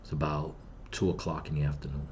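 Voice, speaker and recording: A man's voice: extremely low pitch, level tone, quick pace, a little mellow, muffled recording, a little hiss or hum. A middle-aged man telling of his loss, then ranting bitterly and with heavy swearing at the people he blames. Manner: grieving, bitter, profane ranting. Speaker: channel host. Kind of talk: angry personal vlog rant.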